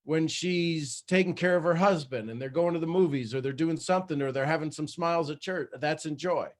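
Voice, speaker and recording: Earnest man coaching on a call. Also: a little high. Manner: earnest, halting, many restarts. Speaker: host. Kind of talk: motivational coaching talk. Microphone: video call.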